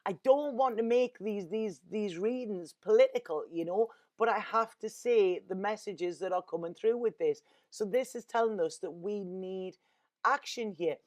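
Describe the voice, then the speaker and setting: A woman's voice: mid-range voice, moderate pace, a little mellow. A woman, a tarot reader talking in an earnest, rambling, emotional way and often repeating her words. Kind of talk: casual spiritual monologue.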